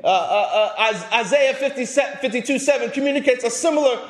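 A male pastor preaching a sermon, emphatic, rising to loud peaks and dropping low at phrase ends, often repeating words as he restarts. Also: a little fast. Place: church sanctuary. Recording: echoey church sanctuary.

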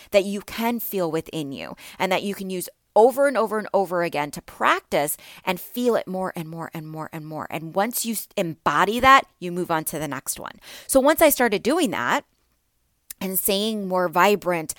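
A woman's voice: mid-range voice, a bit bright, no echo, clean studio sound. A woman in her thirties hosting a wellness podcast for mothers, talking earnestly and encouragingly, repeating phrases for emphasis. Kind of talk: motivational talk.

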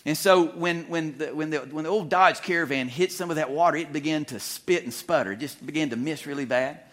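Animated, chuckling middle-aged man preaching. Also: on the high side, fairly quick. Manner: animated, humorous, chuckling, self-deprecating storyteller. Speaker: guest preacher. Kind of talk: storytelling sermon. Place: church sanctuary.

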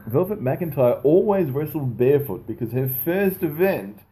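A man's voice: fairly high pitch, normal speed, a little hiss or hum. A man co-hosting a casual wrestling podcast chat, jokey and talkative. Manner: chatty, jokey, animated.

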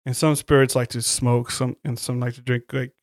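A man hosts a podcast, recapping a horror film in loose, slangy, profane storytelling full of side remarks. His voice sits at an ordinary middle pitch and sounds dry and close, with no room echo. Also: little pitch movement, moderate pace. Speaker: podcast host reviewing horror films. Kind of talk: casual profane chat.

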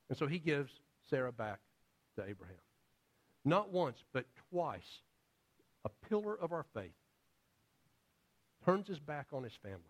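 A man's voice: sits high, sing-song, normal speed, pauses often, fairly bright tone. A male pastor preaching a sermon in a casual, storytelling way, acting out the characters in his stories. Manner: casual, storytelling with acted-out voices.

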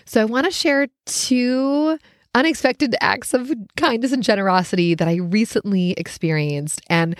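A woman host tells a personal story in a relaxed, chatty way. Her voice sits slightly low, and she laughs often, jumping sharply upward when excited. The sound is close and dry, with no room echo. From United States. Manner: animated and expressive, laughs often, pitch jumps up when excited. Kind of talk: casual storytelling monologue.

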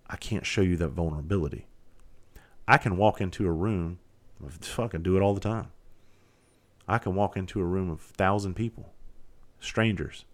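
A middle-aged man hosting a podcast, talking candidly and profanely as he tells stories from his firefighting life. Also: low voice. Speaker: podcast host, former firefighter. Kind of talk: casual podcast monologue.

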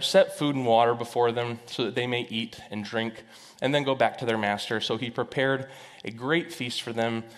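Conversational preacher in an echoey hall. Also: male voice, mid-range voice. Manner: conversational, storytelling, with fillers. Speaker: pastor. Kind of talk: sermon.

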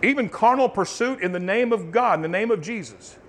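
Guy preaching a sermon, kinda high voice, goes from loud and fired up to real quiet and soft, bit of background hum. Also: animated, a little fast. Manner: swings from loud fervent bursts to soft murmuring, testimony-style.

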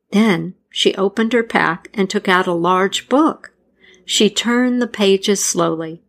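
A woman narrating a folktale and its history in a measured, deliberate scripted style. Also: mid-range voice. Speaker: storyteller.

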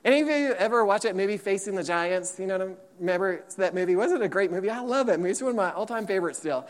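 A man preaching a sermon as pastor, emphatic and lively, repeating points and acting out quotes. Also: high voice, rapid-fire. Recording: long hall reverb.

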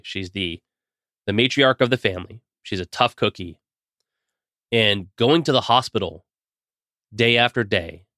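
A man hosting his own podcast, speaking in an earnest, heartfelt way as he addresses his listeners directly. His voice sits on the low side but sounds bright and forceful, with a touch of a cold still in it. The sound is dry and close, with no room around it. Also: dry recording. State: getting over a cold. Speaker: podcast host. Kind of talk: solo podcast monologue.

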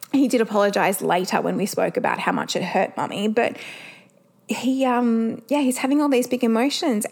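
A woman's voice: on the high side, darkish tone. A woman, hosting a podcast and chatting candidly, swearing freely. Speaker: podcast host. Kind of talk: casual solo podcast chat.

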